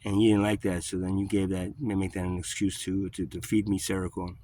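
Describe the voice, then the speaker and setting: A man telling a story in a rambling, profane way, with many halting restarts. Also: deep voice, flat delivery, dark tone. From New York. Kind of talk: casual storytelling vlog.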